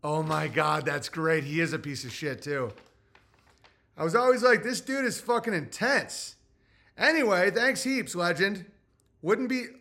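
A man chatting on his stream, swearing freely and breaking into laughter. His voice sits high for a man and has a bright, forceful edge. He jumps quickly between joking and ranting. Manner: profane, excitable, laughs often. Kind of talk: casual stream chat, reading viewer messages.

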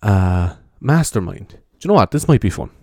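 A low-pitched Irish man with big pitch swings speaks at normal speed, podcasting in a casual, half-whispered ASMR ramble. Handheld mic in hand, he wanders his bedroom, meandering and chatty, swearing freely in a hushed voice. Sound is studio quality, with no echo.

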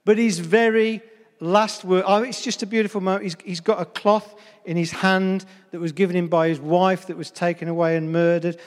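A man's voice: high-pitched, level tone, moderate pace. A man preaching a sermon to a congregation in a chatty, humorous way, often addressing them directly. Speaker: pastor. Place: church hall before a congregation. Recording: long reverb of a church hall.

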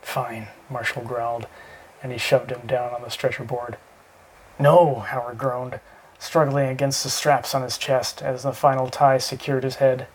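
Man narrating in a flat monotone. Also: mid-range voice, low-quality recording. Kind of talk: audiobook narration.

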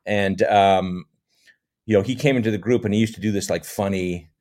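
A middle-aged American comedy actor, appearing as a podcast guest, tells stories in a lowish voice at normal speed. The interview is casual, and he rambles in a relaxed way with plenty of fillers.

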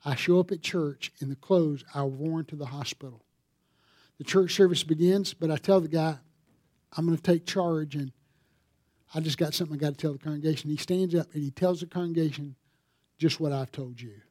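A pastor preaching a sermon, telling a story and building to emphatic appeals. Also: male voice, a little high, moderate pace, dark tone, no echo, studio quality.

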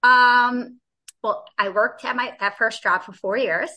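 A woman in her forties talks through her story as an interview guest, chatty and laughing easily. Her voice is bright and forceful, and she acts out the people she quotes. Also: on the high side, measured pace.

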